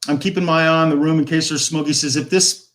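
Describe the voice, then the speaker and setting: A fairly high-pitched man's voice with little pitch movement, a quick pace, and a bit of brightness belongs to a fifty-something guest on a live stream. He rambles through a long rock-and-roll story, cursing and acting out the quotes.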